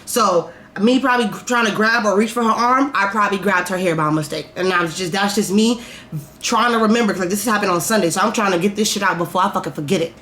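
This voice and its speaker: A woman's voice: medium pitch, quick pace, fairly bright tone. A woman vlogger telling a story in a candid, profane, rambling way, full of fillers. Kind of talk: casual storytime.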